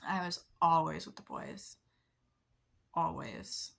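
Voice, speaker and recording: Young woman, casual vlog chat, rambling, full of likes and ums, slightly low voice. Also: measured pace. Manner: rambling, many likes and ums, soft self-deprecating laughs. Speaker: vlogger. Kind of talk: casual confessional chat to camera.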